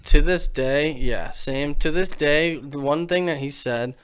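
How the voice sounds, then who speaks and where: A man's voice: on the high side, unhurried, a bit bright, clear, resonant tone. A young man co-hosting a podcast, chatty and searching for words as he explains his point. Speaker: podcast co-host. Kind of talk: casual chat.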